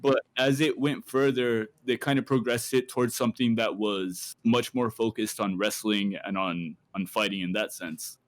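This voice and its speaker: A man's voice: fairly low pitch, fairly even intonation, normal speed, few pauses, no room sound. A man co-hosting a casual podcast, recapping an anime at length with many fillers and restarts. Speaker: podcast co-host.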